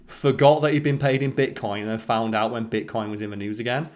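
A man co-hosting a casual podcast, telling rambling anecdotes and swearing freely. His voice sits at a middling pitch for a man, and he slips into quick impressions of the people he talks about. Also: steady tone, a little mellow. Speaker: podcast co-host. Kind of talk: casual chat.

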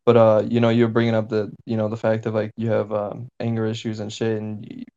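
Male podcast host, laid-back, casual swearing, low flat voice, lo-fi sound. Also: brisk, clear, resonant tone. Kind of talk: casual chat. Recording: dull lo-fi sound.

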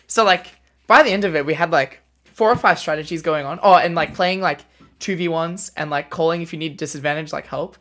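A man, co-hosting a casual podcast and telling fast, animated stories full of "like". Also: a little high. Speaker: podcast co-host. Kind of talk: casual chat.

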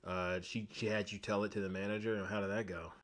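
A man's voice: lowish voice, flat delivery, fast talker. A man co-hosting a casual podcast who keeps asking curious follow-up questions. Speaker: podcast co-host.

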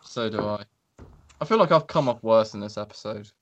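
A man's voice: on the low side, animated, fairly quick, highs cut off. A man co-hosting a podcast, chatting casually in a sweary, self-mocking, rambling way. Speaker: podcast co-host. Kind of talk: casual chat.

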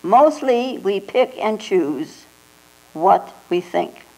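An older woman, a Zen teacher, giving a slow, reflective dharma talk with frequent "you know" and "huh?" asides, on a 1989 tape. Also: medium pitch, animated, a little mellow, low-quality recording. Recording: 1989 tape with mains hum.

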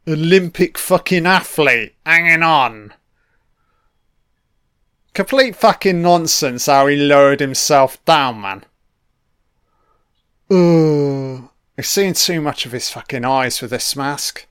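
A man's voice: on the high side, animated, takes it slowly, pauses often, a bit bright, smooth, no room sound, studio quality. A man giving a casual, blunt film commentary, swearing constantly and full of opinions.

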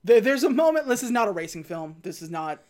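Reviewing movies as a podcast co-host, this woman talks fast in a medium-pitched, slightly mellow voice with big swings in pitch. Her casual chat is full of fillers and self-deprecating restarts.

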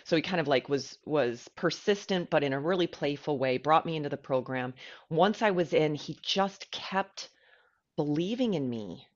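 A woman's voice: low-pitched, animated, normal speed, lo-fi sound. A woman co-hosting a podcast, talking candidly and emotionally about herself, with lots of "like.". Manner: candid and emotional, with filler likes. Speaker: podcast co-host. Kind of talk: personal podcast conversation.

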